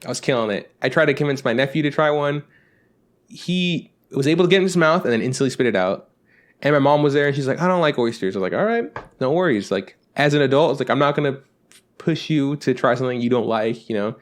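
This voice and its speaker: Young adult male co-host, fast talker, rambling storyteller who swears freely. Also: mid-range voice, animated. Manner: rambling anecdotes with acted-out quotes, swears freely. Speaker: podcast co-host. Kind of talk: casual storytelling chat.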